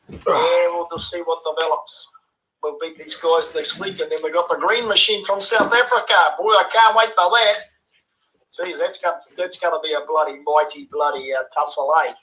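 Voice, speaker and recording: A man's voice: high-pitched, bright, forceful tone, a little hiss or hum, poor audio. A man in his sixties from New Zealand, rambling through a rugby voice message and dropping "bloody" and "eh?" into nearly every line. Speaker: caller sending a voice message.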